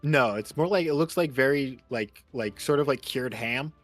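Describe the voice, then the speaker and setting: A man running a tabletop game as game master over an online call, relaxed and halting with many fillers. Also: mid-range voice, soft background music.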